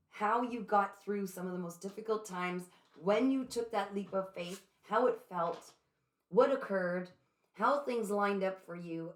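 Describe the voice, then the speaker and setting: A woman giving a spiritual reader's pep talk straight to her viewers, excited and encouraging, often checking in with "okay?". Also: lowish voice. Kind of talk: direct-to-camera pep talk. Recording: roomy echo.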